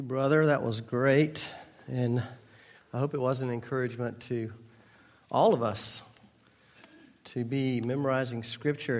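A man pastor giving a conversational sermon, prompting his congregation to finish familiar verses. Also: mid-range voice. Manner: conversational, engaging the congregation with call-and-response. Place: church sanctuary.

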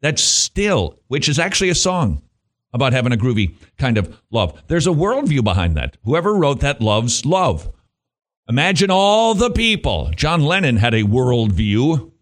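A man hosts a Christian talk radio show, his pitch swinging widely as he jokes his way through a monologue. He laughs often and throws in playful asides between points. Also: very animated, moderate pace.

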